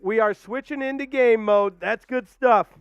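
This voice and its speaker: Hyped high-voiced man calling football. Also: normal speed, smooth, dry recording, dull audio. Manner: hyped, shouting shout-outs. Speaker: live stream host. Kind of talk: excited watch-along play-by-play.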